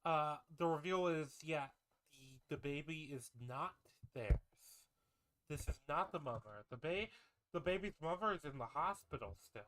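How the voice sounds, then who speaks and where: A man's voice: fairly high pitch, lively intonation, moderate pace, a bit bright. A man co-hosting a casual film discussion podcast, recapping scenes in a loose, profane way. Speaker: podcast co-host.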